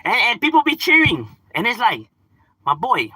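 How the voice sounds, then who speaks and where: A man chatting casually, mixing English and Spanish, animated and profane. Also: sits high, normal speed, husky, no echo. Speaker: livestream host. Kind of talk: casual chat.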